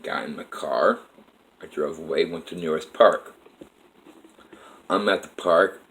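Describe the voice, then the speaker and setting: A man's voice: low voice, measured pace, fairly bright tone, rough recording. A man telling a personal life story to camera in a rambling, emotional way, with frequent restarts.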